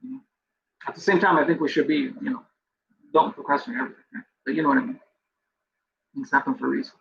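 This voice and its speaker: A man with a raised, gravelly voice tells a personal story as a podcast host, rambling and leaning on fillers while fighting back tears. The recording is dull and lo-fi, with faint noise underneath. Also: on the high side, fast talker. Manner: rambling, full of "you know" and "like"; emotional, near tears.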